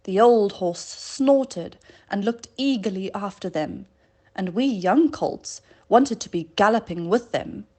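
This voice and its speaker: A woman's voice: mid-range voice, lively intonation, slow, a little mellow. A woman reading a classic story aloud in a plain conversational way, correcting her slips as she goes. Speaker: reader.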